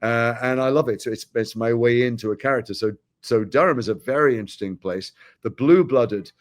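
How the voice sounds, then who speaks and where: A man from Britain, talking frankly and wryly as an actor guest in an interview. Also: mid-range voice. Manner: animated, wry, frank, quick-talking. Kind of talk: candid interview conversation.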